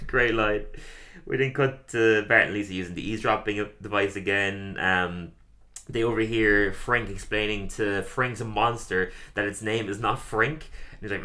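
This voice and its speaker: Bright-voiced chatty podcast man. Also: medium pitch, normal speed. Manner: chatty, laughs often, acts out quoted lines. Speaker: podcast co-host. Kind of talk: casual episode recap.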